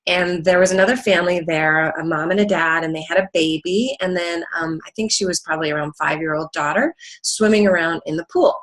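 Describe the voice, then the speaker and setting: A woman's voice: on the low side, fairly quick, fairly bright tone, low-quality recording. A middle-aged woman teaching about parenting through a story, earnest, with frequent ums and restarts. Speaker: parenting educator. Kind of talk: teaching talk with an anecdote.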